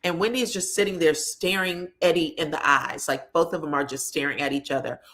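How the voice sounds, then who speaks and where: A woman's voice: low voice, brisk, fairly bright tone. A woman casually recapping a reality show episode in a chatty, conversational way. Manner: chatty, conversational, drops in "you know what I'm saying".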